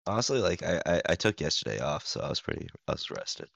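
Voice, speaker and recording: A man's voice: very deep voice, big pitch swings, quick pace, gravelly, fairly bright tone, dry recording. A young man chatting casually with a friend, telling jokey stories and acting out the people in them, laughing often. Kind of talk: casual chat.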